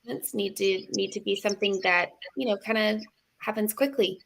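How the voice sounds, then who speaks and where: A woman's voice: mid-range voice, fairly even intonation, brisk, creaky, a little hiss or hum. A woman teacher chatting in a demo, affirming and encouraging as she explains how she would use it in class. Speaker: teacher guest. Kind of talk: conversational co-host reactions.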